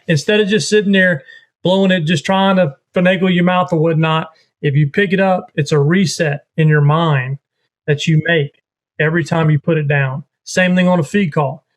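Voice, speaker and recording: Casting: man, a bit high-pitched, rambling how-to explainer, casual. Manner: rambling, repeats steps while explaining. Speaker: duck calling guest. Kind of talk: casual instructional chat.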